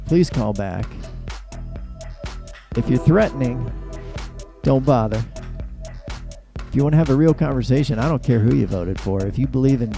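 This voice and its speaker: A man hosts a rambling call-in show, with a gravelly, dark and mellow voice. He mocks himself as he goes, and a faint music bed plays behind him. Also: mid-range voice, animated, moderate pace, long pauses. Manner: rambling, self-mocking. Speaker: host.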